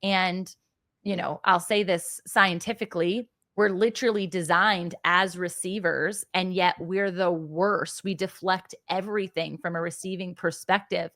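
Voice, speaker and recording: A woman's voice: fairly low pitch, steady tone, unhurried, a bit bright, no echo, studio quality. A woman speaking as a podcast guest, earnest and reflective, often laughing as she talks. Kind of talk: conversational interview.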